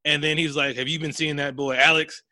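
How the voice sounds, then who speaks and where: A man's voice: a little high, level tone, a little fast, sharp tone, dry recording. A man hosting a casual comedy podcast, profanely recapping a movie and acting out the characters' lines.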